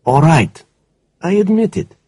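A male reader voicing a cold, tired female crime boss in an audiobook, speaking in a low, contemptuous way. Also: sing-song, unhurried, warm tone, breathy edge, dry recording, full character voice. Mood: weary, scornful.

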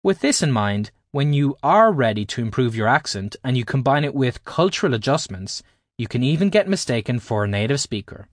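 Man narrating with lively intonation. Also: mid-range voice, brisk, no echo, studio quality. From Ireland. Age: adult, at least 20s. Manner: explanatory, carefully paced teaching delivery. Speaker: author reading his own book. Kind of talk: scripted audiobook narration.

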